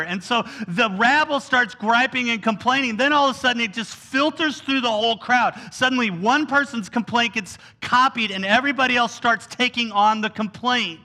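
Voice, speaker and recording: Male preacher, high bright voice, animated sermon storytelling. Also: moderate pace, hardly any pauses. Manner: animated storytelling with whiny acted-out quotes.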